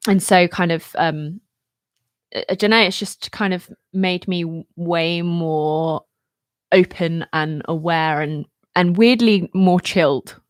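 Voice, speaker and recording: A woman's voice: on the low side, takes it slowly, dry recording. A woman co-hosting a podcast, chatting casually and teasing her partner with dry humour. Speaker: podcast co-host. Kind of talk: casual chat.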